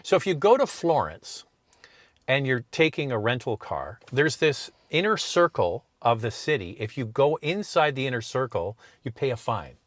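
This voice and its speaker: A man's voice: medium pitch, big pitch swings, normal speed, no room sound. A man co-hosting a car show, telling a rambling story in casual chat with plenty of asides and restarts.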